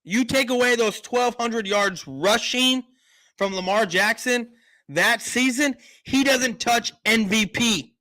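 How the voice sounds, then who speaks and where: A man's voice: very high-pitched, slow, bright, forceful tone. A man hosting a casual sports live stream, rambling and argumentative. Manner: rambling, lots of fillers and restarts, argumentative.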